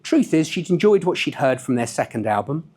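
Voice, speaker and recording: A novelist reading his own novel aloud in a relaxed way, with offhand asides. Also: on the high side, a little fast, breathy edge.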